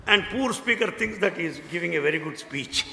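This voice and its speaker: An older man with an Indian English accent telling devotional stories in a lively way, acting out what people said. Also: high-pitched, fairly quick, vocal fry. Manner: animated storyteller, acts out quotes, laughs often. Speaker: spiritual speaker. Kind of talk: devotional talk with anecdotes. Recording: echoey hall, faint background noise.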